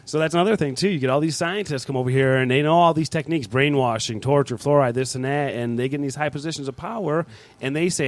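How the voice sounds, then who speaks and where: A man's voice: on the high side, quick pace. A man co-hosting a casual podcast chat, loose and joking, who swears freely.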